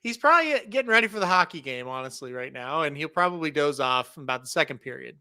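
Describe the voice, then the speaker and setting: A man's voice: a little high, animated, fast talker, pushed and bright, clean tone. A man co-hosting a podcast, telling stories in a dry, emphatic way. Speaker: podcast co-host. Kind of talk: casual chat.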